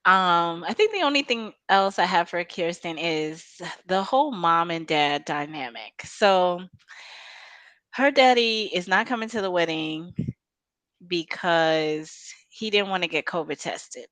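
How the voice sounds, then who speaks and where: A woman co-hosting a casual podcast, skeptically talking about a reality show and jumping into high voices to act out quotes. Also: animated, a little slow, fairly bright tone, dry recording. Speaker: podcast co-host.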